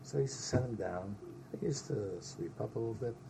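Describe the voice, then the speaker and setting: Older gravelly man telling war stories. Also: mid-range voice, a little fast, heavy background noise. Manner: animated storyteller, sprinkles Yiddish words. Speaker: interviewee recalling army service. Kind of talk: oral history storytelling.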